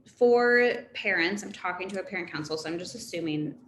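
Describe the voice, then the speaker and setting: A woman in her thirties, a therapist, giving an informal talk to parents in a conversational, animated way. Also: on the low side, a little fast. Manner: conversational and animated, laughs between points. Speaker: therapist speaking to a parent council. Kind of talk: informal presentation. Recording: echoey room with faint background noise.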